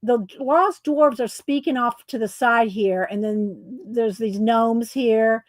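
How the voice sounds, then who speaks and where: A woman hosts a casual crafting livestream, chatting with viewers by name as she works, full of fillers and restarts. Her voice is fairly high, and she talks a little slowly with few pauses.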